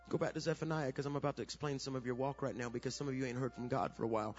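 A middle-aged man pastor preaching a sermon, telling a story that builds to shouted preaching. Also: mid-range voice, steady tone, rapid-fire, hardly any pauses, breathy edge. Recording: dull lo-fi sound.

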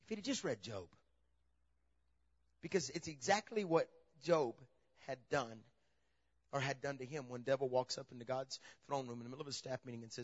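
A man preaching a sermon, telling the story in a lively way that swings from loud emphasis to a hushed near-whisper. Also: medium pitch, a little fast. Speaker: pastor. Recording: dull lo-fi sound.

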